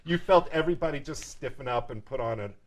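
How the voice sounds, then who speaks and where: A middle-aged man telling a family story, animated and playful. His pitch swoops widely as he acts out the people in it, and his tone stays conversational. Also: quick pace. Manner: animated, jumps into voices for characters. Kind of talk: casual storytelling.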